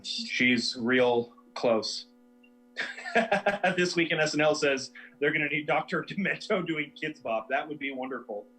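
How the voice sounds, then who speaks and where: A man with a sharp, higher-pitched voice hosts a casual comedy livestream, rambling through viewer suggestions and throwing in self-mocking asides. The recording is rough.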